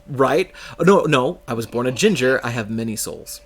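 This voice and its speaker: A man's voice: mid-range voice, expressive, normal speed, crowd noise. A man from California, streaming a game and telling rambling, self-mocking stories, laughing often as he talks. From California, United States. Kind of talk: casual storytelling chat on a live stream.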